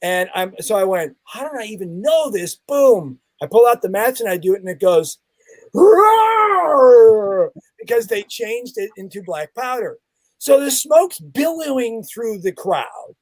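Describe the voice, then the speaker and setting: A man with a fairly high voice tells a story as a podcast guest, acting out every bang and every quoted line. The sound is close and dry, with no room around it. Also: expressive, normal speed, a little mellow, no echo. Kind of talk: animated storytelling in conversation.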